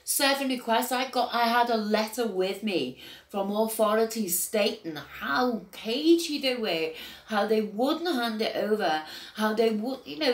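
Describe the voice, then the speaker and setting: An older woman and grandmother, telling an agitated personal account that swings between quiet and loud outbursts, with swearing. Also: on the high side, reverberant. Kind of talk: emotional personal account to camera.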